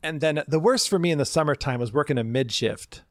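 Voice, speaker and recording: A man's voice: fairly high pitch, a little fast, dry recording. Man telling a story, dry mic. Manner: storytelling, acts out quoted people in lively voices. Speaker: podcast co-host. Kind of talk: casual chat.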